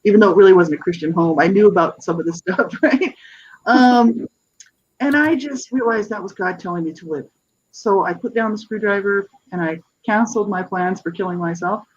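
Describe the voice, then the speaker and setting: At normal speed and with a mid-range, slightly rough voice, a woman in her fifties tells her story on a radio interview. The highs are cut off. An author and advocate, she is earnest and searching, with repeated restarts, asides and "you know, right?"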